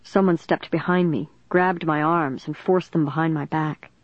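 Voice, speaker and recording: A reader narrating a suspense novel in the first person, with steady dramatic storytelling. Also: medium pitch, moderate pace, no echo. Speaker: audiobook narrator. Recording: dry, dull lo-fi recording.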